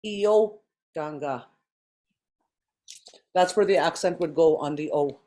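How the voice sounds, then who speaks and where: This is a woman's voice, sitting a touch lower than most, as she leads a class online. She explains slowly and patiently, filling gaps with ums while she works through each point. The sound has the feel of a video call. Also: fairly even intonation, warm tone. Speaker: language teacher.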